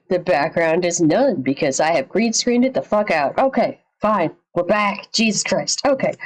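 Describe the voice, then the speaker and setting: A woman's voice: mid-range voice, darkish tone, poor audio. A woman streaming from home, chatting casually, swearing freely and tossing out sarcastic asides. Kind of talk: casual live-stream reaction. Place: home streaming setup with green screen.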